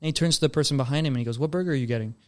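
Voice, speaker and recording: A young man from Canada talks fast in a smooth, clear voice. He spins a story like a podcast guest chatting with friends and tosses in "bro" and "dude" easily. His pitch sits in the middle. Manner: laid-back, calls people bro and dude. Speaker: guest filmmaker. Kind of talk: casual storytelling chat.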